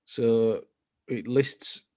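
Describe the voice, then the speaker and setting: Matter-of-fact podcast co-host. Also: male voice, medium pitch, steady tone, drawn-out words, darkish tone. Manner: matter-of-fact, reading out figures. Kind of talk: casual chat.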